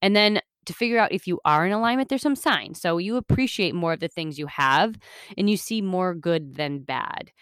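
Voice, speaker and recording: Woman podcast host, low smooth voice, dry close sound, earnest and rambling. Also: expressive, normal speed, fairly bright tone, no room sound. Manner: earnest, rambling, filler-heavy, motivational. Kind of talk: casual self-help podcast talk.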